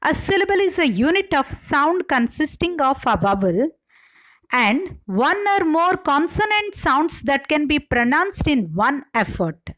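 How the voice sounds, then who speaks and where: A woman, an English professor, giving a slow and careful scripted lecture. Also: sits high, big pitch swings, fairly bright tone, low-quality recording. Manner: slow, careful, deliberate delivery.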